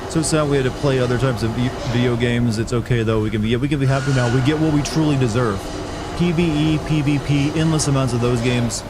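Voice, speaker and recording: A man's voice: medium pitch, quick pace, background noise. A man streaming a video game, giving sarcastic, rambling casual commentary. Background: game sounds.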